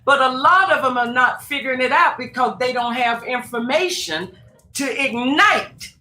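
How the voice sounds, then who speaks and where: A woman's voice: high-pitched, expressive, normal speed, pushed and bright. A woman spiritual advisor from Tacoma, Washington, talking as a guest on a radio show. She speaks emphatically and with exclamation, calling the host "girl" and "honey.". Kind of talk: casual preachy radio chat. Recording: echoey room, faint noise.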